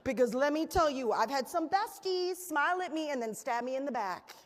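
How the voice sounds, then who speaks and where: A woman giving a motivational stage talk, telling stories in an animated, chatty way to a live audience. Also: high-pitched, moderate pace. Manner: animated storytelling, chatty fillers. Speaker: keynote speaker. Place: large hall with live audience. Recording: reverberant hall.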